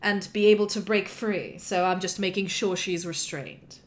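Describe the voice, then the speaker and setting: A woman's voice: mid-range voice, steady tone, normal speed. A woman narrating as game master in a casual, loose way, with plenty of fillers.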